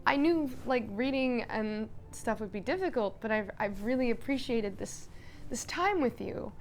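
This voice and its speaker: This is an earnest young peasant girl who stammers through her words in a bright, high voice, acted out by a woman. She swings easily between shy thanks and indignation. Her pitch leaps about a lot. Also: expressive, normal speed, soft background music. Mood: shy, grateful.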